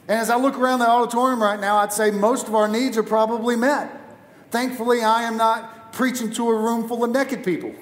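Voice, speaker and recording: A man's voice: sits high, moderate pace. A man preaching as a guest speaker in a church auditorium, telling a personal story with humor and energy. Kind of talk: sermon. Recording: echoey church hall.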